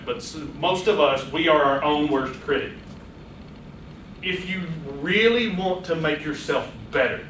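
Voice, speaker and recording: Animated man lecturing in an echoey room. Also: medium pitch, far from the mic, slight background noise. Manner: animated, playful, talks straight to the audience. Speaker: public speaking presenter. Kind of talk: live workshop lecture. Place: meeting room with a small audience.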